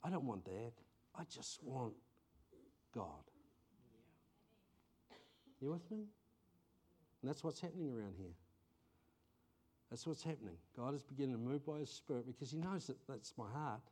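A middle-aged man, preaching a conversational sermon and telling stories with sudden bursts of excitement. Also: mid-range voice, moderate pace, pauses often, a little hiss or hum. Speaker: pastor.

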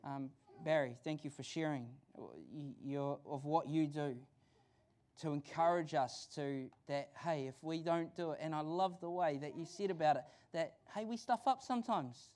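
A fired-up pastor with a New Zealand accent, preaching in church with a notably high-pitched voice. He talks in a loose, chatty way, doubling back and restarting phrases as his excitement runs ahead of him. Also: moderate pace, clean tone. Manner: excited, energetic, conversational preaching with frequent restarts. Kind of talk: sermon.

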